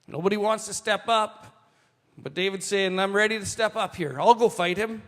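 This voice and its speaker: A man preaching a sermon, reading scripture and adding animated asides to the congregation. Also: sits high, in a large hall. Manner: animated, slows for quoted lines, asides to the congregation. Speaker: pastor.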